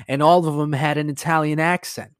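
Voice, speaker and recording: A man's voice: fairly high pitch, fairly even intonation, moderate pace, smooth, dry recording, studio quality. A man who is a teacher, hosting a podcast in rambling, profane casual chat. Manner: rambling and profane, many fillers. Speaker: podcast host.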